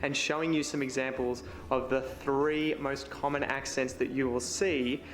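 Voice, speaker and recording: A man with an Australian accent, a video creator wrapping up his video in a wry, relaxed way. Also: mid-range voice, moderate pace, reverberant, faint music behind. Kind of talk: scripted sign-off to camera.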